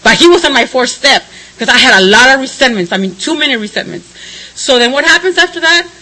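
A woman's voice: high-pitched, animated, fast talker, pushed and bright, poor audio. A middle-aged woman giving a blunt, candid personal testimony at a recovery meeting. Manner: candid and blunt, swinging between somber and laughing. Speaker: speaker sharing her recovery story.

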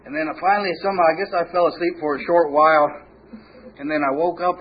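Higher-voiced man telling his story. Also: steady tone, quick pace. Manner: rambling, humorous, acts out quoted dialogue. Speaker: speaker sharing a recovery story. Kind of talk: storytelling testimony. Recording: muffled lo-fi recording with faint hiss.

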